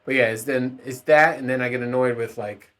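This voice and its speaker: A man's voice: mid-range voice, fairly even intonation, a little fast, a bit bright. A man with a middle-range voice talks straight to his listeners in a loose, unscripted podcast rant. He swears freely, rambles from one gripe to the next and chuckles at his own complaints. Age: adult parent. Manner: profane, rambling, frequent laughs. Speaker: podcast host. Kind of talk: casual solo podcast rant.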